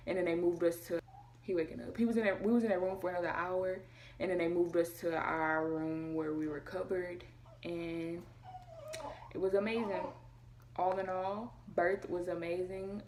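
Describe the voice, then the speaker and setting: A young woman tells a personal story straight to camera in a casual vlog. Her voice sits a little low, and she talks quickly, acting out the lines of the people in her story. A faint hum of room ambience runs under her voice. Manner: fast, emotional retelling, acting out quotes. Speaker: vlogger.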